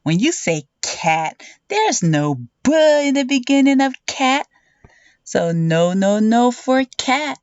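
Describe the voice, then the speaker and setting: Woman, children's phonics teacher, very slow, exaggerated sounding-out, dull lo-fi audio. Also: fairly high pitch, very animated, darkish tone, clean tone, no echo.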